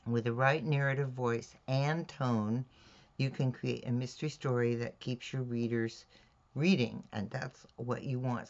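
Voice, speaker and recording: A woman teaching mystery writing in a measured, deliberate way, checking in with her listeners as she explains. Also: very deep voice. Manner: measured, deliberate, with "all right?" check-ins. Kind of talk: instructional talk on writing craft. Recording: dull lo-fi recording.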